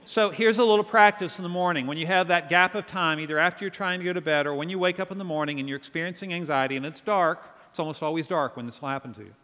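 A man's voice: on the high side, quick pace, hardly any pauses, pushed and bright. A man preaching a sermon as pastor, earnest and conversational, with asides to his congregation. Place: church sanctuary. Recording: long church reverb.

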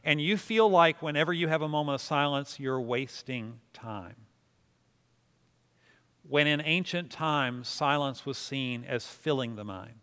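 A man's voice: medium pitch, a little slow, sharp tone, clean tone. A man preaching to a congregation, teaching prayer in a casual, self-deprecating way and inviting the room to repeat words with him. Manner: conversational, self-deprecating, leads congregation in responses. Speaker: pastor. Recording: long reverb of a hall.

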